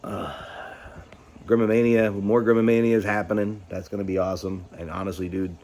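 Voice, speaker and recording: A middle-aged man talks straight to his vlog audience with a somewhat low voice. He is agitated and profane, halting with fillers as he vents. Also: little pitch movement, a little mellow. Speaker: YouTube host. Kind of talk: candid personal vlog rant.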